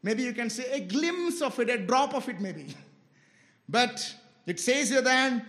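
High, bright-voiced impassioned male preacher. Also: lively intonation, a little slow. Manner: impassioned, swings from loud and high to low and quiet; calls on listeners to listen carefully. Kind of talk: sermon.

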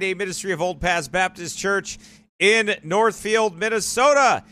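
Man, church livestream host, fairly high and forceful voice, rambling casual talk. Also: unhurried. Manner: rambling, digressive. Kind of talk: casual live-stream commentary.

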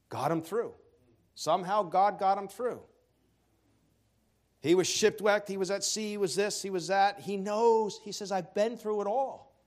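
Male pastor, high voice, animated sermon delivery with joking asides. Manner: animated preaching, swings from loud emphasis to quiet asides.

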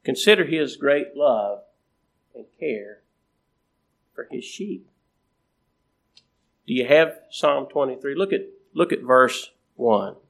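A man preaching a sermon in a slow, repetitive cadence, with emphatic rises and phrase endings that trail off quietly. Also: mid-range voice, lively intonation, gravelly.

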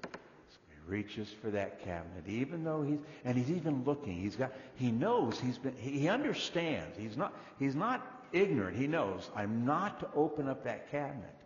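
A man preaching a sermon in an animated way, his delivery moving between loud and hushed. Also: mid-range voice, moderate pace. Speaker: pastor. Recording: dull echoey hall recording.

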